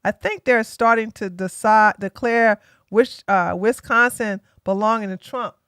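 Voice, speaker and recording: A woman's voice: medium pitch, a little slow, a bit bright, clear, resonant tone, dry recording, studio quality. A woman hosting a live stream, giving chatty, sarcastic commentary that rambles along. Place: home in Georgia.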